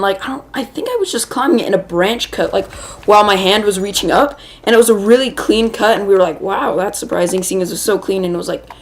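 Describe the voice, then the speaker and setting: A woman hosting a gaming video, telling a rambling, chatty story while she plays and breaking off to react to the game. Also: mid-range voice. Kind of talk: casual storytelling while playing a shooter game.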